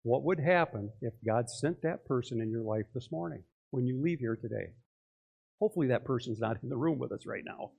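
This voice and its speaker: A man's voice: medium pitch, animated, fairly quick, vocal fry, a little mellow, slightly rough. A male pastor preaching a sermon in church, talking conversationally and putting many questions to his listeners.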